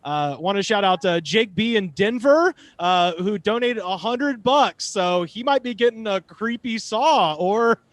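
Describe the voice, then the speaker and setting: A man hosting a live comedy fundraiser, thanking donors between acts. His voice is high for a man, and the sound is dry and close. He is halting and leans on plenty of filler words. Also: expressive, no room sound. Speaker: show host.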